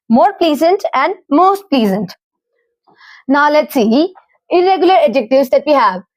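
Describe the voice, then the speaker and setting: A woman with an Indian English accent and a high voice teaches grammar in a steady, patient way. She spells out letters and reads through lists of word forms one by one. The sound is close and dry, with no room around it. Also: no echo. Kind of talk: explaining grammar rules.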